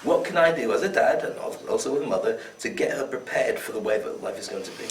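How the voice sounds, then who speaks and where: A man's voice: mid-range voice, animated, fast. A man hosting an interview, asking probing questions and giving brief affirmations. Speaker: interview host. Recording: echoey room, distant mic, faint noise.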